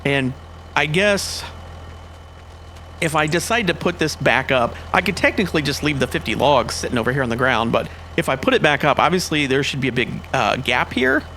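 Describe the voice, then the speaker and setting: A man's voice: medium pitch, animated, normal speed, pushed and bright, a little hiss or hum. Man rambling over a farming game. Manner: rambling, thinks aloud, easily exasperated. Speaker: gameplay commentator. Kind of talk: casual let's-play commentary.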